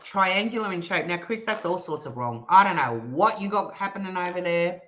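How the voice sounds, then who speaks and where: Australian woman host, casual live-stream chat, playful and teasing, bright sharp tone, slightly dull lo-fi audio. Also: fairly low pitch, fairly quick. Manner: playful, teasing, animated, laughs often. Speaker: livestream host reading chat.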